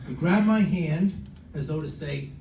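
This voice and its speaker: An older man with a slightly high voice tells a chatty anecdote to a gathering and acts out the quotes. He is picked up from a distance in a roomy hall. Steady background noise is clearly heard. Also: a little slow. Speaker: son of the guest of honor. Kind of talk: casual storytelling to a gathering.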